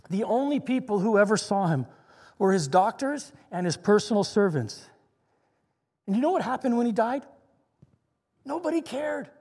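A man with a high voice delivers a sermon in an earnest, plainspoken way. He slows his words down to lean on the lines he wants to land. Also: a little mellow, husky, big-room sound. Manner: earnest, slows down to stress scripture. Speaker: preacher.

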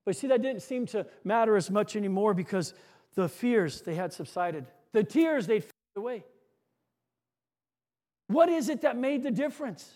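A man preaching a sermon, telling stories and dropping to a soft hush on key lines. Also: high voice, lively intonation, normal speed.

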